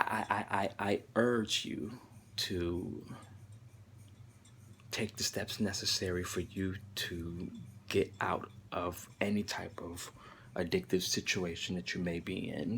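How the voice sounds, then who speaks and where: A man's voice: lowish voice, a little hiss or hum. A young man telling a personal story straight to his camera, emphatic and profane, and he repeats words when he gets worked up. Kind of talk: confessional vlog to camera. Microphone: camera mic.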